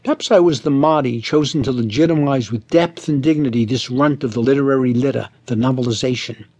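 A man's voice: medium pitch, fairly quick, darkish tone, breathy edge, muffled recording. Wry man narrating a comic audiobook. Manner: wry, dry delivery in ornate, wordy prose; flustered, stammering when he speaks as himself. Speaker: author narrating his own story.

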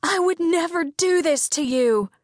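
A woman reading as a young woman, blind and trapped, snaps and shouts at her captors. Her voice climbs high and loud with fury, recorded dry and close for an audiobook. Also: expressive, a little slow, no room sound. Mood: furious. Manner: shrill, outraged shouting.

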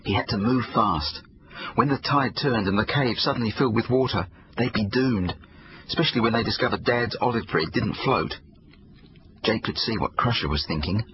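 A man reading his own children's book aloud, expressive storytelling. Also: lowish voice, normal speed, lo-fi sound, background noise. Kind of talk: audiobook narration for children.

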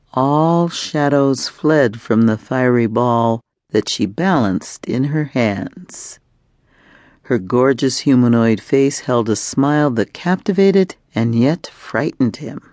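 A woman narrating an audiobook in a measured, expressive reading. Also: rumbling low, no room sound, studio quality. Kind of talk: scripted narration.

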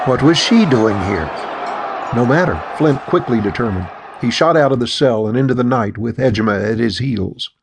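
Gravelly male audiobook narrator. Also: medium pitch, background noise. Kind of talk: scripted narration.

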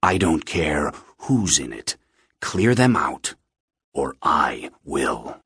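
Dropping deep into a low, rusty rasp, this is a menacing older stranger, as an audiobook narrator puts him on, thick with breath and slow in every threat. The delivery is heavy and very dry, with no room around it. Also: male voice, very animated, a bit bright, dry recording, heavily acted. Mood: threatening.

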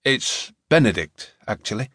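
A man's voice: fairly low pitch, lively intonation, a bit bright, dry recording, clean studio sound. A narrator doing a flustered middle-aged man. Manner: hesitant, fumbling, halting with ums. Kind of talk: audiobook character voice.

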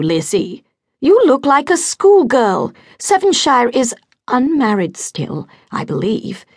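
A woman's voice: on the high side, darkish tone, breathy edge, no room sound, studio quality, pitched above the performer's own voice, full character voice. A woman voicing a fretful, social-climbing titled mother in an audiobook, exclamatory and plaintive.

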